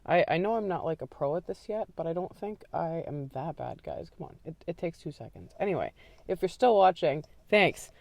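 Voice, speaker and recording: A woman hosting a true crime channel, chatting to viewers in a rambling, self-deprecating way before narrating a case in a calmer, soothing delivery. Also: fairly low pitch, fairly quick, vocal fry, no echo. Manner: aims for a calm, sleepy ASMR-like delivery in the story.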